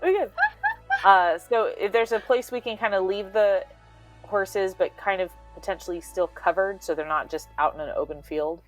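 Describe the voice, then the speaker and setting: A woman's voice: mid-range voice, steady tone, normal speed, faint music behind. A woman playing a tabletop game who talks through her plans in a practical, hesitant way. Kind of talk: casual play talk.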